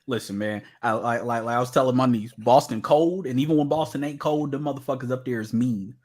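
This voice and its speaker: Telling stories amid plenty of laughter, this male podcast co-host keeps things casual and animated. His voice sits at a medium pitch and moves a little fast.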